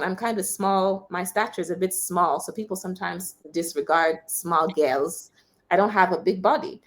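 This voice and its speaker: A young woman from the United States talks as an interview guest, a journalist recounting her own experiences. She is candid and conversational, and she brings the story alive by acting out what others said. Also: mid-range voice. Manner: animated storyteller, quotes others with raised voice.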